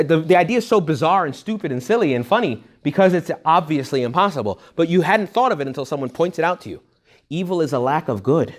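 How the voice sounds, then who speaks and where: A man, a priest, giving an informal retreat talk to young adults, animated and conversational, full of rhetorical questions, jokes and quick asides. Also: fairly high pitch. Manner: rhetorical questions directed at the audience. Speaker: Catholic priest leading a retreat.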